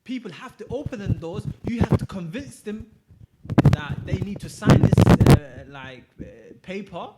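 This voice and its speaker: Animated young man telling stories. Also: high-pitched, unhurried, very noisy. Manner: animated, laughs a lot, slangy. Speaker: podcast co-host. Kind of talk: casual storytelling chat.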